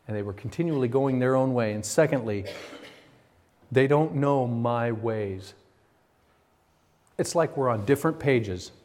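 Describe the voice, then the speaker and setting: A middle-aged male pastor delivering a sermon in a mid-pitched voice. He builds to emphatic, raised passages, then drops to a quiet, confiding tone. Mostly spoken at an even, steady pace.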